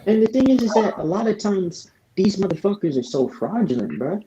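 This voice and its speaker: A man's voice: high voice, big pitch swings, fairly quick. A man venting with frustrated, profane talk as a podcast co-host. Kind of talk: casual podcast chat. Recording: dull lo-fi audio with faint noise.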